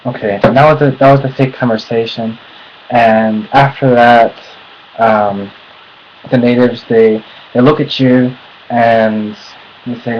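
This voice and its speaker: A young American man talking casually to camera, nervous and halting, recorded at home on a dull lo-fi mic. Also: medium pitch, steady tone, a little hiss or hum. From United States. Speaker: vlogger.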